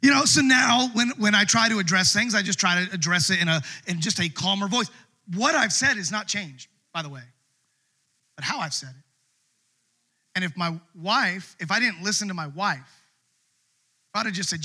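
A man's voice: high-pitched, moderate pace, pushed and bright. A middle-aged man preaching a sermon to a church congregation, conversational and self-deprecating, with many restarts. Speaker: pastor. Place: church sanctuary.

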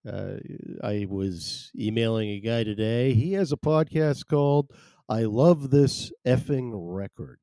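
A podcast host speaks at home on a casual live show, rambling and poking fun at himself as he chats. His mid-range voice is unhurried, warm and smooth. Recorded with headphones and a desk mic, the sound is studio quality with no room sound.

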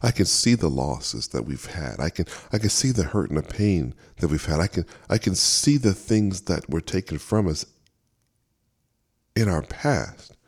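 A man's voice: sits low, very animated, measured pace, vocal fry, husky. A man preaching a sermon as a minister, earnest and fervent, often repeating and restarting phrases. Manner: speaks with fervor and emphasis.

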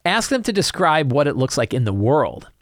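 A man hosting a casual solo talk show, speaking in an animated, conversational way and often checking in with "right?". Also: fairly high pitch, normal speed, no echo, studio quality. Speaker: host.

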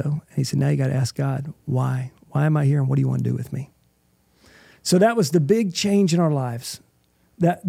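A man's voice: on the high side, gravelly, mellow, slightly rough, no echo, clean studio sound. A middle-aged man, a guest in an interview, telling an emotional personal story in an earnest way and often checking in with "right?".

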